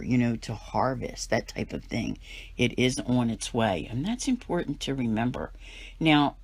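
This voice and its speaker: A woman's voice: a bass voice, husky. Emphatic woman giving a tarot reading. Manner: emphatic, conversational, acts out worried inner voices. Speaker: tarot reader.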